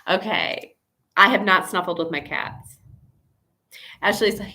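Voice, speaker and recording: A woman's voice: medium pitch, unhurried, long pauses, bright, forceful tone. A woman veterinarian hosting a casual live Q&A, chatty and rambling, with asides and acted-out quotes. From Chicago area, USA.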